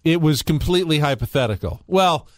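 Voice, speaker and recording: Man, sports radio host, slightly high voice, dry close studio mic, reads promos and then chats. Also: lively intonation, a little fast, no room sound. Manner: reads station promos and call-in numbers, then chats freely. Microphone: studio microphone.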